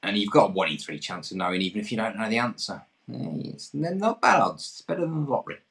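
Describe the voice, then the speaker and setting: A man's voice: fairly low pitch, animated, fast talker, vocal fry, a bit bright. A man from England hosting an online pub quiz, reading questions in a jokey, self-deprecating way. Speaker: quiz host.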